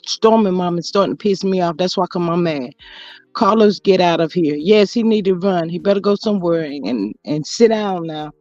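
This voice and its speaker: A woman's voice: lowish voice, a little mellow, no room sound. A woman hosting a casual livestream, chatty and sassy, greeting her viewers by name. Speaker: YouTube livestream host. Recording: dull lo-fi audio with faint music.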